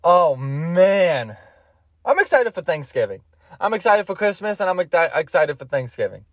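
A man's voice: high-pitched, sing-song, moderate pace, no echo, clean studio sound. A man hosting a solo podcast, rambling in a crude, jokey way. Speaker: podcast host.

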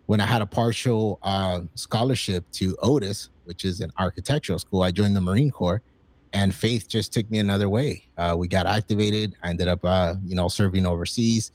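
A man in his forties telling stories in casual, profane chat, acting out quoted lines with excitement. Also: low-pitched, normal speed, no echo. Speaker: podcast guest.

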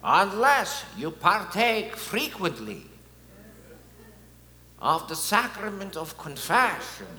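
A man doing an impression of an elderly pope, exhorting slowly and solemnly. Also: high-pitched, pushed and bright, voice pushed up, heavily acted. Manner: slow, drawn-out exhortation. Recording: echoey hall, faint hum.

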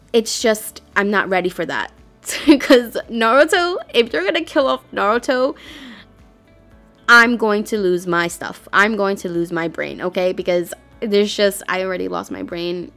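A woman's voice: fairly low pitch, a bit bright. A woman hosting a casual chat, talking in emotional, rambling bursts. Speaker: podcast host.

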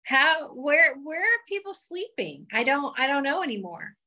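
A woman's voice: sits high, sing-song, normal speed, bright, forceful tone. A woman co-hosting a parenting podcast, chatting casually and upbeat, laughing between words. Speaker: podcast co-host. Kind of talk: casual chat.

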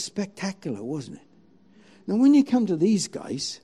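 A man's voice: sits high, huge pitch swings, unhurried, mellow, breathy edge. A man preaching a sermon, telling a story and acting out its scenes dramatically.

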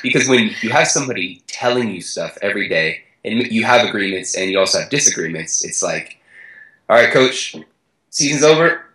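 A young man, an athlete guest, telling a story in a relaxed way, laughing and acting out what others said. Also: low-pitched, a little fast, few pauses, echoey room, rough recording. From United States. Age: young adult. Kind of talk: casual storytelling.

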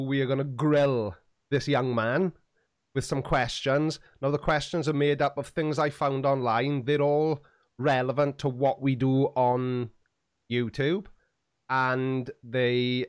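A man hosts his own live-streamed podcast, talking in a loose, rambling and self-deprecating way. His voice sits at an ordinary pitch and sounds dry and close to the mic. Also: level tone, a little slow, smooth, dry recording. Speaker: podcast host. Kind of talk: casual live-stream chat.

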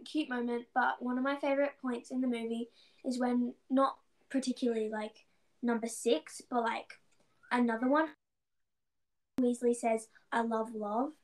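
A young woman co-hosting a podcast, talking in an excitable, gushing, fangirly way. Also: a little high, measured pace. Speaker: podcast co-host. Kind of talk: casual chat.

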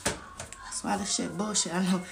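A woman's voice: mid-range voice, fairly even intonation, unhurried, vocal fry, noisy background. A woman giving a casual, profane, blunt rant to her viewers. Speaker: vlogger. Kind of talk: casual ranting livestream.

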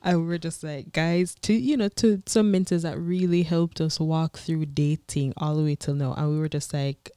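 A woman's voice: low-pitched, fairly even intonation, moderate pace, few pauses, dark tone, clean tone, dry recording, studio quality. A woman co-hosting a casual couple's podcast, earnest and explaining her view at length. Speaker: podcast co-host.

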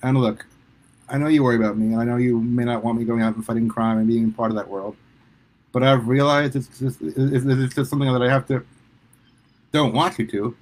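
A man voicing a sheepish young male superhero who talks haltingly to his mother. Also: mid-range voice, fairly even intonation, a little mellow, natural voice. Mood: hesitant, earnest. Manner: halting, hesitant, lots of restarts.

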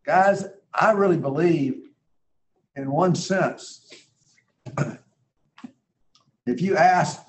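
A man's voice: a little high, drawn-out words, long pauses, rough recording. A man teaching a Bible class in a conversational way, earnest and emphatic, thinking aloud as he reads scripture.

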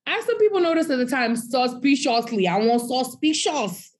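A woman co-hosting a podcast in casual chat, animated, breaking into sung bits and mock quotes. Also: sits high, moderate pace. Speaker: podcast co-host.

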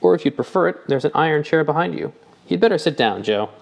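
A man reading an audiobook, voicing a calm, practical older man who speaks in a slow, quiet way. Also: a little high, creaky, pitched above the performer's own voice.

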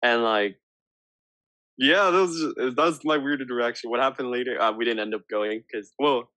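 A man's voice: medium pitch, normal speed, bright, forceful tone, no echo. A young man co-hosting a podcast, chatting casually in a rambling, hesitant way. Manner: rambling, hesitant, lots of fillers. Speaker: podcast co-host. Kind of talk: casual chat.

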